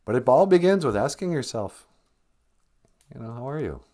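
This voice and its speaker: A man hosts a loose livestream chat and greets viewers by name. His pitch swings widely, from low mutters to high squeaky jokes. His middle-height voice keeps a teasing, comic manner. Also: big pitch swings, moderate pace, warm tone. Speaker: podcast host.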